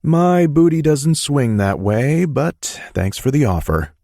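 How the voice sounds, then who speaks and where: A man's voice: medium pitch, lively intonation, takes it slowly, mellow, dry recording, studio quality, pitched above the performer's own voice. A man voicing a joking, crude adult male friend in an audiobook.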